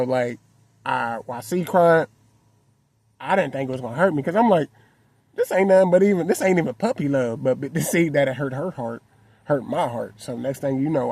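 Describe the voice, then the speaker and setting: Gravelly-voiced man speaking heartfelt. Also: medium pitch, a little mellow. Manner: earnest, heartfelt, conversational with frequent "you know what I'm saying". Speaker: vlogger. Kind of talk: reflective personal talk to camera. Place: in a parked car.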